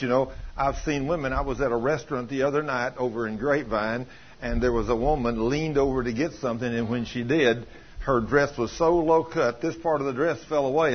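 A middle-aged man preaching a sermon in a church, telling stories fervently and rising to loud emphasis. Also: medium pitch, fairly quick, breathy edge, muffled recording. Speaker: pastor.

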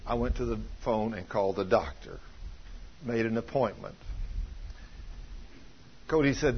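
A middle-aged man preaching a sermon in a church, telling stories fervently and rising to loud emphasis. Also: mid-range voice, normal speed, long pauses, highs cut off, a little hiss or hum. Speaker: pastor.

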